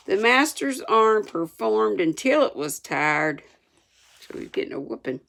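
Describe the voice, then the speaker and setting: A woman's voice: fairly low pitch, animated, a little slow, creaky, bright, forceful tone. An older woman reading a classic novel aloud, adding homespun, chatty asides. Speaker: storyteller.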